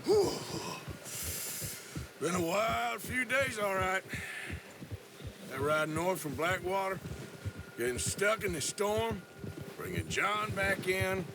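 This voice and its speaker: An actor playing a weary young outlaw in a video game, talking in a slow, reflective drawl. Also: male voice, sits high, sing-song, noisy background, exaggerated voice. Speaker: game character.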